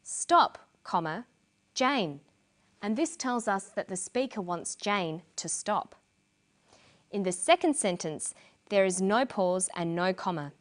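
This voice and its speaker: A middle-aged woman presenting an English lesson in scripted narration, explaining clearly and deliberately. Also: medium pitch, expressive.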